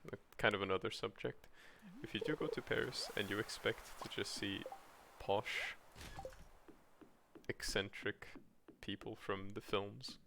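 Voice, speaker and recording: A man's voice: lowish voice, fairly even intonation, unhurried, creaky, noisy background. A man streaming a cozy farming game at home, chatting with his viewers in a rambling, laugh-filled way with lots of restarts. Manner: chatty, reacts to chat, laughs often, frequent restarts. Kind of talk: casual chat while streaming a farming game. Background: faint game music.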